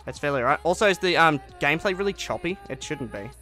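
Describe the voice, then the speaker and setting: A man's voice: fairly high pitch, expressive, fast talker, sharp tone. A young man streaming a game live, chatting casually with viewers and answering their comments in an upbeat way. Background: faint music.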